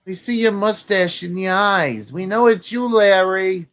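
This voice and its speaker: A man's voice: high-pitched, a little slow, fairly bright tone. A male host mocking a clip with teasing, ribbing banter. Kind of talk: mocking commentary over a clip.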